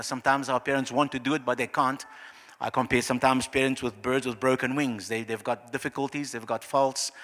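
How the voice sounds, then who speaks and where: A male pastor, preaching a sermon with emphatic swings between loud, high lines and quiet, low ones. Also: long reverb tail.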